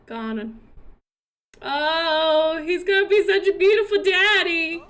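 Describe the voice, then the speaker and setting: A young woman with a high, bright-toned voice commentates her game in a loose, chatty way. She laughs often and apologizes a lot to the characters on screen. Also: lively intonation, drawn-out words, long pauses. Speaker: gaming streamer.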